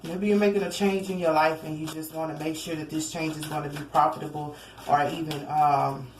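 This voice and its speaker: A woman's voice: sits low, steady tone, fairly quick, noisy background. A woman giving a casual, rambling tarot reading, chatty with lots of asides. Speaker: tarot reader. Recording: echoey room, faint ambience.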